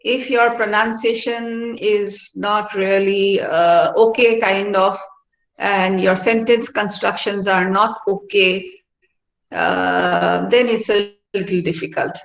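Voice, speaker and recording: A middle-aged woman professor lectures slowly in a steady, creaky, mid-range voice. Her classroom talk in a university activity centre hall carries a roomy echo, and she explains as she goes, frequently asking "no?" and "all right?".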